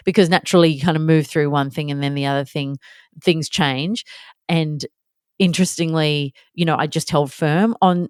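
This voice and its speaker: A woman's voice: low-pitched, no room sound, studio quality. A woman in her thirties hosting a candid solo podcast, chatty and self-deprecating, acting out little scenes in her talk. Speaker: podcast host.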